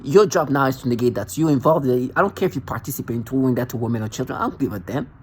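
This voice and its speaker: A man's voice: medium pitch, animated, rapid-fire, a little hiss or hum. Angry man ranting straight at someone. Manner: ranting, confrontational, repetitive. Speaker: vlogger. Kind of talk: angry accusatory monologue.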